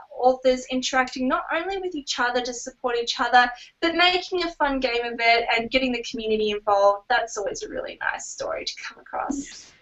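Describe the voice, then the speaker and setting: A woman's voice: fairly high pitch, pushed and bright, recorded from a distance, poor audio. A woman co-hosting a casual book-news podcast, chatting and rambling while she cites figures. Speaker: book blog co-host.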